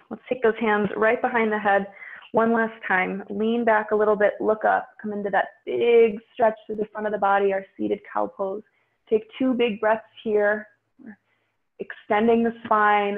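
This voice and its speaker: A woman teaching a guided yoga class, calmly cueing breaths and poses. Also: mid-range voice, gravelly. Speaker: yoga instructor. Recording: tinny phone-like audio.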